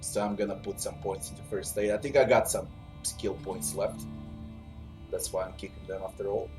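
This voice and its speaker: A man's voice: on the low side, flat delivery, moderate pace, music in the background. A man giving casual gameplay commentary with sardonic asides. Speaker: let's play host.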